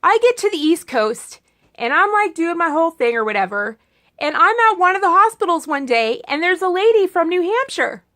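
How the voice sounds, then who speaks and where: High-voiced chatty sarcastic woman. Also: very animated, moderate pace, a bit bright. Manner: chatty, sarcastic, rambling with many restarts. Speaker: political vlogger. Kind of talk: casual political vlog rant.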